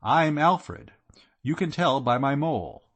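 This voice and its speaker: Guy doing a worried young gent, whiny, pitch all over. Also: animated, a little slow. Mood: insistent. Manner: fretful and plaintive. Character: anxious, despairing young gentleman.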